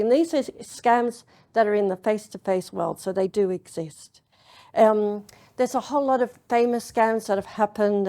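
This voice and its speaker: Mellow-voiced woman telling stories in a lecture. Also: medium pitch. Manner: chatty storytelling with frequent ums. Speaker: university lecturer. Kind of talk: public lecture. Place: lecture hall.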